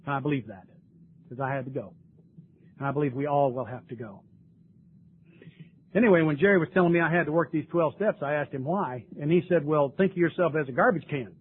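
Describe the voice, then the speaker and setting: Older man, slightly high voice, heartfelt recovery-meeting speaker; thin, lo-fi tape with a faint hiss. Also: a little fast, pauses often. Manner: earnest, emotional, tearful at times. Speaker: speaker sharing his story at a recovery meeting. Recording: tinny lo-fi recording with faint noise.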